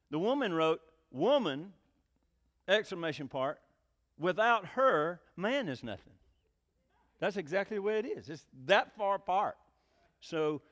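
A man preaching a joking, folksy sermon, often rising into emphatic bursts. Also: a little high. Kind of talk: sermon with jokes. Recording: long reverb of a hall.

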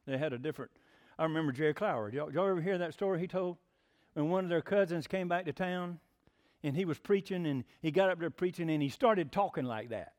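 Folksy high-voiced preacher. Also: male voice, fairly quick. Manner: folksy storytelling, lively and plainspoken. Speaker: pastor. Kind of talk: sermon.

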